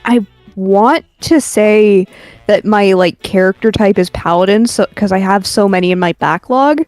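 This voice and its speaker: A woman's voice: medium pitch, no echo, soft background music. A woman streamer and artist chatting casually and rambling a little while she draws. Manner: slow, relaxed, rambling with ums and swearing. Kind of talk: casual chat while drawing.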